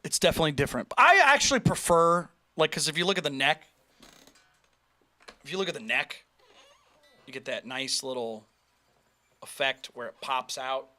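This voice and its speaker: A man hosting a casual livestream, chatting in an animated way, joking and reading viewer comments aloud. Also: a little high, moderate pace, pauses often. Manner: chatty, animated, reads chat aloud and jokes. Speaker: livestream host reacting to viewer posts.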